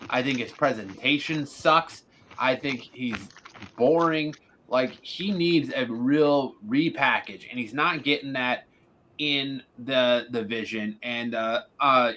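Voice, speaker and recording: A man's voice: medium pitch, bright, forceful tone, a little hiss or hum, poor audio. A man hosting a casual wrestling podcast, blunt and opinionated, swearing now and then. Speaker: podcast host.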